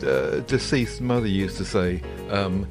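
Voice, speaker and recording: Guy hosting a podcast, lower voice, lots of ums, rambly. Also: lively intonation, measured pace, over music. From Wales. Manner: rambling, hesitant, many ums. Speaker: podcast co-host. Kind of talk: casual chat.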